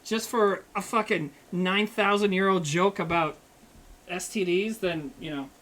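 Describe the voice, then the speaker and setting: A man's voice: sits high, steady tone, unhurried, sharp tone. A man talks through his cooking on a livestream, loose and off the cuff. He swears often and easily, and jokes between the steps of the recipe. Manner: rambling, profane and joking. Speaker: comedian streamer. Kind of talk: casual chat while cooking on a livestream.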